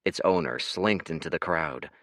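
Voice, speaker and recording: A man narrating an audiobook in an expressive, dramatic reading. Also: extremely low pitch, moderate pace, dry recording, clean studio sound.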